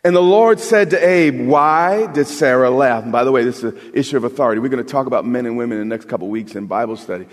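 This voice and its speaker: A male pastor preaching a sermon, talking with his congregation conversationally and rising to emphatic shouts, recorded in a church sanctuary. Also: medium pitch, quick pace, few pauses. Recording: long reverb of a large hall.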